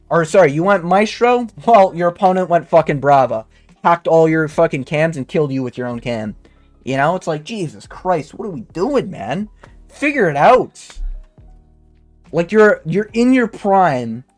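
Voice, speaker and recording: Profane ranting young man, high voice. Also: animated, a little slow, soft background music. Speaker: MMA commentator. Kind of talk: casual fight breakdown rant.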